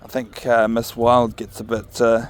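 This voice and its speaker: A man's voice: medium pitch, unhurried, clear, resonant tone. Laid-back New man talking outdoors. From New Zealand. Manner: relaxed, chatty, talks to his dog with soft commands. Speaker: dog-walking vlogger. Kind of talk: casual outdoor vlog chat. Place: outdoors by a marina on a windy evening walk.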